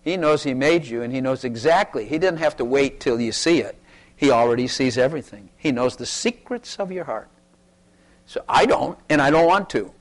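A man's voice: mid-range voice, animated, normal speed. A man pastor preaching a sermon and calling for testimonies, talking in an emphatic way that repeats its points.

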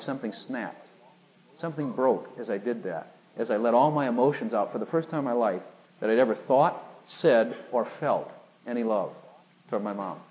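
A male preacher tells his own story with earnest conviction, voicing the lines he once said and now and then singing out with great extravagance. His voice sits in a medium pitch, and a faint hiss runs under the recording. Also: rough recording. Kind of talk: sermon testimony.

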